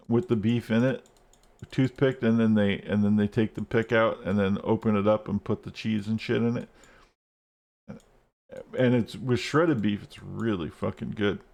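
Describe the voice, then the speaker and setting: A man's voice: fairly low pitch, fairly even intonation, measured pace. Laid-back swearing male game streamer. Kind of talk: casual live-stream chat while playing.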